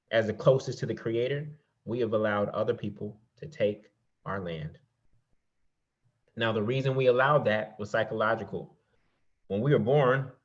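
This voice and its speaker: A man coaching an audience on real estate investing in a motivational presentation, preaching and firing off rhetorical questions while calling them "y'all". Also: on the low side. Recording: slightly dull lo-fi recording.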